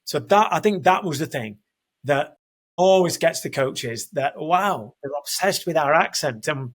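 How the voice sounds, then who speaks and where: A man's voice: fairly high pitch, lively intonation, a little slow. A man in his fifties from Northern England with a Northern English accent, a guest in an interview, talking in a rambling, self-correcting way from his home. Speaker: guest, soccer program leader. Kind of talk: conversational interview. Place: home, house in Denver.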